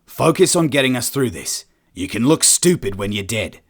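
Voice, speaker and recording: A man voicing a stressed human ship captain who swears a lot and talks in a gruff, exasperated way. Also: medium pitch, sing-song, moderate pace. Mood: commanding.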